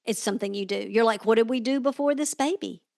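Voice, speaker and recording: Higher-voiced Southern woman podcaster. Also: fast talker, gravelly, no echo, studio quality. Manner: animated, drifting into a drawl. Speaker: podcast co-host. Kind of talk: casual movie discussion.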